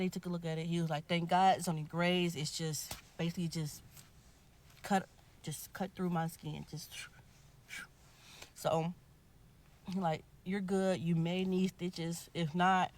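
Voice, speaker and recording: Woman recounting a shooting she witnessed. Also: on the low side. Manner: animated retelling, voicing people in her story. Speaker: shooting witness telling her story. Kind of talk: emotional storytelling.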